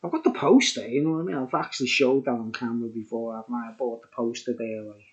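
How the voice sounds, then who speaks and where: A man's voice: mid-range voice, fast, lo-fi sound. A middle-aged man, tipsy and rambling as he reviews a beer, chuckling and saying "like" a lot. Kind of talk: rambling casual chat.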